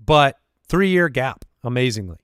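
A man hosting a fantasy football podcast, rattling off statistics in a measured, confident way during casual sports analysis. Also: medium pitch, animated, fairly bright tone, smooth, no room sound, studio quality.

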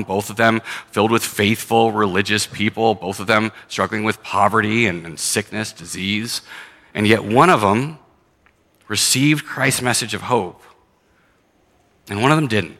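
A man's voice: lowish voice, sharp tone. A man preaching a sermon, reading scripture and talking through it in an earnest, conversational way. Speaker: pastor. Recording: long hall reverb.

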